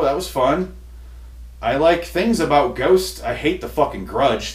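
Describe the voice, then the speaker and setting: A man hosting a comedy podcast, ranting in an exasperated, profane way, with his voice going hoarse. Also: medium pitch. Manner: exasperated, profane, building to shouty outbursts. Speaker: podcast host. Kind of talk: comedic rant. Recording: roomy echo, distant mic.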